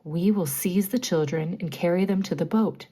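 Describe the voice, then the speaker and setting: A woman's voice: fairly low pitch, moderate pace, dark tone, slightly rough. A woman voicing a villainous male pirate captain who is proud and brooding, reading him in a stern storybook tone. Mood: scheming. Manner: stern, brooding, then shaken.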